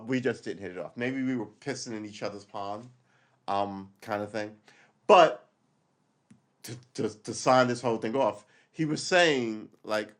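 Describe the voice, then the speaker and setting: Rambling, profane man in his forties. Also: fairly low pitch. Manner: rambling, profane, loses his train of thought. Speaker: livestream host. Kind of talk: casual storytelling monologue.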